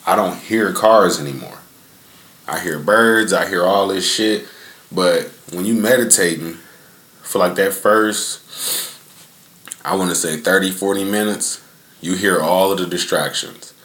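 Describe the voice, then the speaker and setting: Low-pitched and unhurried, the young man leaves long pauses as he tells a casual story for his podcast from the front yard. His tone is a bit bright and the sound is roomy. He's laid-back, profane, and rambling, with lots of fillers.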